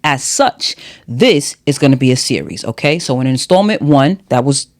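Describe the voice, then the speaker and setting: A woman's voice: extremely low pitch, animated, moderate pace. A woman hosting a solo podcast, talking to her listeners in a chatty, playful way while teaching at a whiteboard. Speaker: podcast host.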